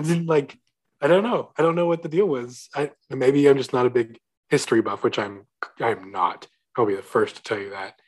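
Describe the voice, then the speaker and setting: A man's voice: medium pitch, slightly rough. A man co-hosting a casual movie podcast, rambling and hesitant, full of "like" and restarts. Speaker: podcast co-host.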